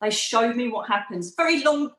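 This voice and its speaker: A woman's voice: fairly high pitch, lively intonation, moderate pace, a bit bright, reverberant, rough recording. A middle-aged woman, a podcast guest, telling a personal story animatedly and acting out quoted voices. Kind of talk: storytelling in an interview.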